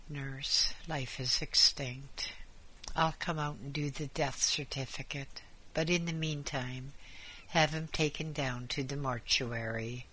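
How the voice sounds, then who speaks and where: A man's voice: medium pitch, sharp tone, slightly rough, full character voice, low-quality recording. A man reading aloud, voicing a fussy, matter-of-fact male hospital doctor.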